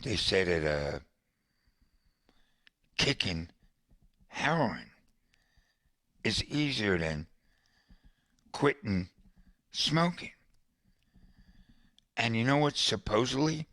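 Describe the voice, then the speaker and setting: A man's voice: mid-range voice, a bit bright, dry recording. A man hosting a podcast, telling a long personal story in a casual, conversational way, with asides to a co-host.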